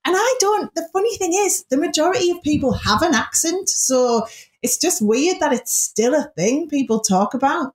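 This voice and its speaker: A woman's voice: sits high, animated. A woman with a Northern English accent, a broadcaster chatting candidly as an interview guest. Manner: chatty, candid, quick asides. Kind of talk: casual interview chat. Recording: roomy echo.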